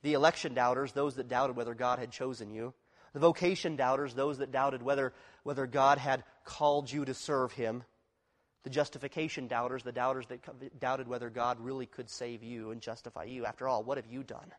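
A man preaching a sermon, shifting from quiet, confessional passages to loud, emphatic ones and acting out the voices of inner struggle. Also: mid-range voice, steady tone, brisk, big-room sound. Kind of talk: expository sermon.

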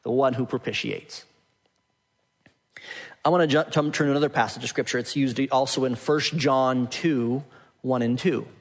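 A man's voice: mid-range voice, fairly even intonation, normal speed, pauses often. Preaching man in a reverberant hall. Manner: rises to emphatic preaching. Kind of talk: sermon.

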